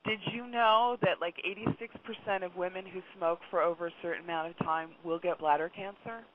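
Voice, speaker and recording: A middle-aged woman, a regular guest on a radio talk show, telling a long story in a chatty, lively way and laughing often. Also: lowish voice, a little fast. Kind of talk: casual radio chat. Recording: dull lo-fi sound, faint noise.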